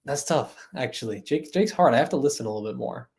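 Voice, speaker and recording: A man's voice: mid-range voice, expressive, racing, vocal fry, darkish tone, breathy edge. A man hosting a live stream, chatting loosely with viewers, laughing and trying out impressions of other creators. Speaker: host.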